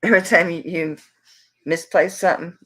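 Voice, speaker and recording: A woman's voice: on the low side, fairly even intonation, normal speed, fairly bright tone, husky, low-quality recording. A woman from Florida with a Southern US accent, hosting a live jewelry sale and chatting casually while she rambles and talks to herself as she searches her table. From Tampa, Florida, USA. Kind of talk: casual live-stream selling chat.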